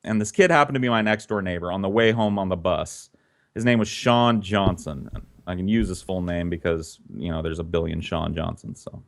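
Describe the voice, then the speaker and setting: A man's voice: deep voice, brisk, gravelly. A man telling a childhood story in a casual, conversational way, swearing freely and animating the tale.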